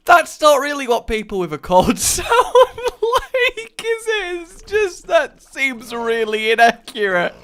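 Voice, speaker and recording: A man's voice: very high-pitched, very animated, takes it slowly, bright, forceful tone. A young man hosting a let's play, rambling and joking his way through casual gameplay commentary. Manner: rambling, jokey, easily sidetracked.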